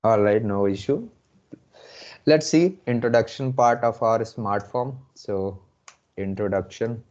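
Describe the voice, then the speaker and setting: Man, Indian English accent, slow, repetitive, low mellow voice, muffled call audio. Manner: slow, repeats phrases often. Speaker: instructor. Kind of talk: live online class.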